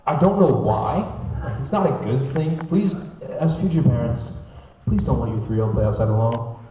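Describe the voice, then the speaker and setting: A young man preaching a sermon, telling a personal story in a chatty, animated way. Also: mid-range voice, moderate pace, slight background noise. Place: church sanctuary. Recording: echoey church hall from far off.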